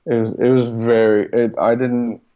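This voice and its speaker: A man's voice: mid-range voice, flat delivery, moderate pace. A man co-hosting a podcast, chatting casually about movies and his son, laid-back and swearing often. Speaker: podcast co-host. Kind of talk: casual movie review chat. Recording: dull lo-fi sound.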